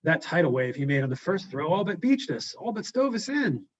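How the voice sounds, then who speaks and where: A man's voice: on the high side, very animated, a little fast, pitched above the performer's own voice. A man voicing frightened male sailors urgently protesting to their captain. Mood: pleading. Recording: dull lo-fi recording.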